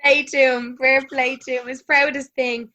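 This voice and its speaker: An Irish woman in her thirties talks as a podcast guest in a quick, chatty flow. Her voice sits a touch higher than most women's. She laughs easily and swears in passing. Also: little pitch movement, muffled recording, background noise. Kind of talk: casual chat.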